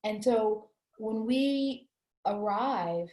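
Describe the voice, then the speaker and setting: A woman's voice: a little high, extremely slow, dark tone. A woman being interviewed, telling a personal story in an earnest, reflective way. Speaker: author interviewed as guest. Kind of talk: candid conversational interview. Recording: roomy echo.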